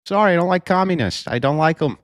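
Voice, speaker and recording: A man's voice: a little high, lively intonation, quick pace, no echo. A man giving blunt, profane, mocking commentary while reacting to news clips.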